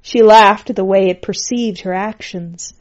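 A woman storyteller reading a fantasy tale aloud, her voice at a middling pitch and steady pace. The recording is somewhat dull and lo-fi. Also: a little slow.

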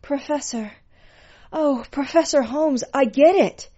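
A woman's voice: sits high, takes it slowly, dark tone, lo-fi sound, voice pushed up. A woman reading a story voices a breathless young woman student who talks in pleading, gasping bursts.

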